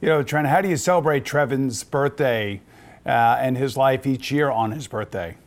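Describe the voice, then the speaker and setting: A man hosting a sports podcast, asking a guest questions in a measured, earnest way. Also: mid-range voice. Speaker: podcast host. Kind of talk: interview.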